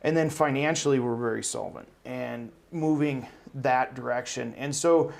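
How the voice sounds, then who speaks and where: A man in his forties, from South Dakota, with a gravelly, creaky edge to his mid-pitched voice. He talks through his career in an easygoing, upbeat interview manner, playing down his own part. He sounds humble and friendly. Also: normal speed. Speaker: hospital CEO guest. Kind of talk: casual interview talk.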